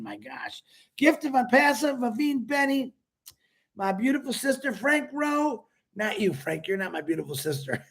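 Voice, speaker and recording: A man hosting a casual livestream, greeting viewers by name and talking in an emotional, effusive way. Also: very high-pitched. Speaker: livestream host.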